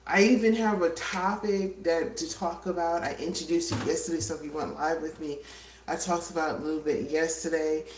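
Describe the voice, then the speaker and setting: Here a woman talks a little fast in a low voice with fairly even intonation, running a casual home-kitchen cooking stream. Chatty and a bit winded, she greets viewers by name as she works, filling gaps with lots of fillers. The audio is distant and roomy, carrying a faint hiss.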